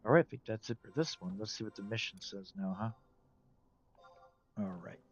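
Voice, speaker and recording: A man's voice: fairly low pitch, moderate pace. Tired, stuffy-nosed man gaming. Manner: relaxed, rambling, talks to himself. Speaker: game streamer. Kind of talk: casual gameplay commentary. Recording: dull lo-fi audio, faint game music.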